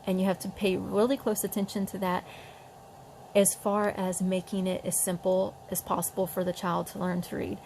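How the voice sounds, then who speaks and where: A woman, talking casually as she shows how to teach children to read, slowly sounding out words as she goes. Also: medium pitch, little pitch movement, gravelly, a little mellow, slight background noise, low-quality recording. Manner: demonstrates sounds slowly, chatty with fillers. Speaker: parent teaching reading. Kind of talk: casual home tutorial.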